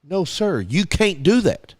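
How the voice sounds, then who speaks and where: A man's voice: high voice, very animated, measured pace, husky. Guy on a podcast telling a baseball story, chatty, does the back-and-forth. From American South. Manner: storytelling, acts out quoted exchanges. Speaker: podcast co-host. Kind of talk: casual chat.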